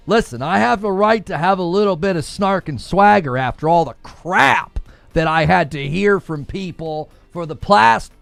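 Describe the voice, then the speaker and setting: A young man hosting a gaming livestream, chatting casually in a snarky, animated way and laughing often. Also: a little high, vocal fry.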